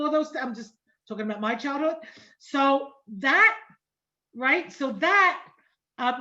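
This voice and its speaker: With a bright, forceful voice on the high side, a middle-aged woman delivers a conversational online Torah class. Phrases get repeated, and "right?" comes up again and again as she checks on her listeners in this informal lecture. The online-class audio is dull and lo-fi.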